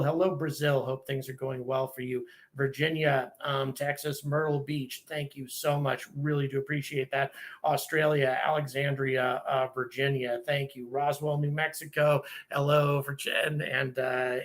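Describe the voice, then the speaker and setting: A man's voice: medium pitch, fairly bright tone. American guy on a live stream, reading off where viewers are from, lots of ums. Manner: reads out viewer locations, thanking them one by one; halting, with frequent ums and restarts. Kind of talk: casual live-stream chat.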